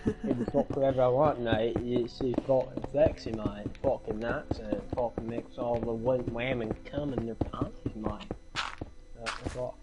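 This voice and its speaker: A man's voice: mid-range voice, measured pace, highs cut off, very noisy, close to an everyday voice. A man putting on a crude, boastful Australian bloke with a thick put-on Australian accent, half whispering, with music behind.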